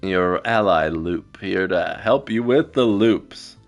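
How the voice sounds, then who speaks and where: A man's voice: low voice, slow pace, faint music behind. A man voicing a teasing, all-knowing star being with a playful, smug way of talking.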